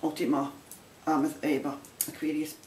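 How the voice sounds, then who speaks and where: A woman's voice: sits low, level tone, moderate pace, a little mellow. A woman with a Scottish accent chatting casually to camera as a knitting vlogger, rambling and laughing often. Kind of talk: casual chat showing items to camera. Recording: roomy sound from a distant mic with faint background noise.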